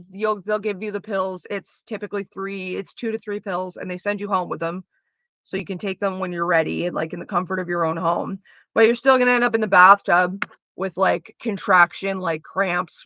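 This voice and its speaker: Young woman, candid streamer chat, sharp bright tone, curses a lot; dry, slightly muffled close mic. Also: mid-range voice, dry recording. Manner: blunt, profane and animated.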